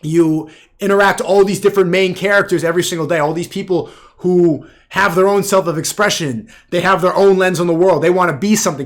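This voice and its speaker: A man on a live stream, telling a loose, rambling story packed with filler. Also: high-pitched.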